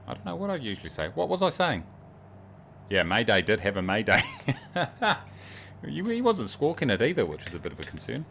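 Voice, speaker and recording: A man's voice: fairly low pitch, huge pitch swings, brisk, creaky, long pauses, a bit bright, a little hiss or hum. A New Zealand man livestreaming a flight sim, chatting in a rambling, joking, self-mocking way. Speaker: streamer. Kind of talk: casual livestream chat while flying a sim.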